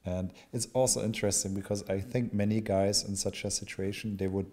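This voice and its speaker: A man's voice: on the low side, fairly even intonation, a little fast, a little mellow. A man hosting a podcast interview in English, not his first language, reflecting in a casual way. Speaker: podcast host.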